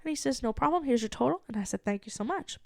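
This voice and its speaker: A young adult woman co-hosting a podcast, telling an animated story in casual chat and acting out the quoted lines. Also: high-pitched, fast, vocal fry, dry recording, clean studio sound. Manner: animated, acts out quoted dialogue. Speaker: podcast co-host.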